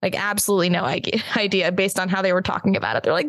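Woman cohost chatting easy on a podcast, dry close sound, mid pitch. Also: quick pace, fairly bright tone, no echo. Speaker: podcast co-host. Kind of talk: casual podcast chat.

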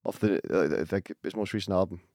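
A man chats quickly in a rambling, self-deprecating way, full of fillers and restarts. His voice sits fairly low, and the recording is close and dry with no room sound. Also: a little mellow, no room sound. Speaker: podcast guest, singer-songwriter. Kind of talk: casual chat.

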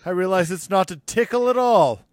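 A man's voice: high voice, expressive, brisk, crowd noise. A man co-hosting a podcast in casual chat, making teasing jokes. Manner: joking, teasing asides. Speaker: podcast co-host.

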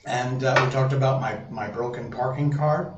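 A man with a mid-range voice talks at normal speed while hosting a casual live stream, rambling, restarting sentences and reading viewer comments out loud. The sound is roomy, distant and dull, lo-fi with faint noise.

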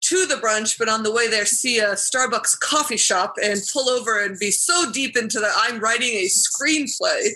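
A bright, mid-pitched voice plays a worried subordinate in an improvised comedy scene. The voice keeps politely questioning the boss's plan. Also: normal speed, few pauses.

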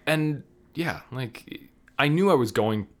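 A man hosting a casual movie review chat, animated and sarcastic, laughing often. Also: mid-range voice, takes it slowly. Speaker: movie review podcast host.

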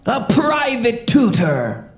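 A woman's voice: a little high, big pitch swings, slow pace. A woman voicing a jolly male pirate comedian with growly pirate talk for a children's stand-up podcast. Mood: joking. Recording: roomy echo.

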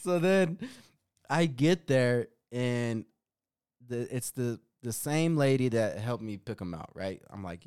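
A man's voice: medium pitch, slow, smooth, dry recording, studio quality. A man co-hosting a podcast, telling a story in casual chat, swearing and laughing as he goes. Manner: animated, swearing, laughing at his own story. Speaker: podcast co-host.

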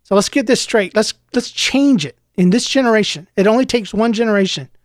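A man's voice: high voice, fairly quick. A middle-aged American man rants through a podcast monologue in an opinionated, lecturing tone, his exasperation never far from the surface. The sound is dry and close, with no room echo at all. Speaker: podcast host.

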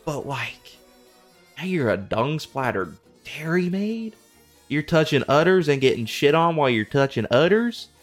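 A man's voice: fairly high pitch, very animated, unhurried, soft background music. A man hosting a comedic monologue, rambling and swearing in disbelief as he retells old myths. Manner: profane, rambling, incredulous. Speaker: host.

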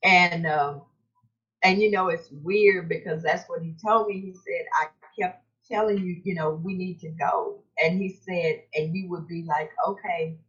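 A middle-aged woman, teary, recalling events haltingly with many fillers and restarts. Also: fairly low pitch, steady tone, a bit bright, dull audio. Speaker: grieving mother interviewed as guest. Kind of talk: emotional personal recollection.

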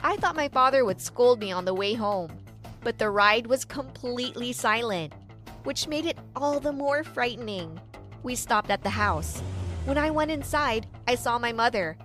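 High-voiced woman narrating a story. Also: lively intonation, normal speed, a bit bright, soft background music. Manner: dramatic storytelling, quotes voiced lightly. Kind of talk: first-person story narration.

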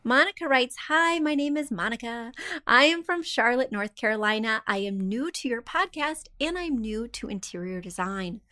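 A woman's voice: a little high, animated, moderate pace, sharp tone, dry recording. Chatty woman podcast host, dry close sound. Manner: chatty, self-deprecating asides. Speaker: podcast host, interior designer. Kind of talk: casual podcast advice, reading listener emails.

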